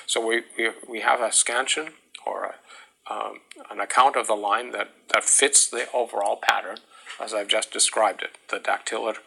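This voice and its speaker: A man giving a classroom lecture on meter, talking haltingly with many fillers and restarts, and chanting rhythm syllables to demonstrate. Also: lowish voice, fairly even intonation, vocal fry, bright, forceful tone, breathy edge, low-quality recording. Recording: faint background noise.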